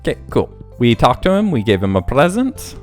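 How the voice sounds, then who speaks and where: A man's voice: mid-range voice, big pitch swings, fairly quick, soft background music. A man hosting a casual let's play, rambling and thinking aloud as he plays. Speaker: gaming channel host.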